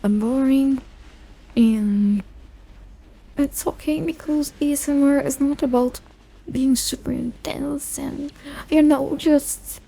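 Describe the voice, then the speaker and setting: High, mellow soft-spoken young woman. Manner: rambling and self-deprecating, loses focus; soft-spoken with bits of whisper. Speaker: ASMR creator. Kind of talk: soft-spoken ASMR chat.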